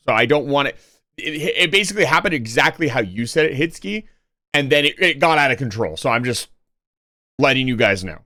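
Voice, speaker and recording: A man's voice: medium pitch, pushed and bright, dry recording, clean studio sound. A young man streaming live, talking casually to his chat and swinging between mock-angry joking and earnest reassurance.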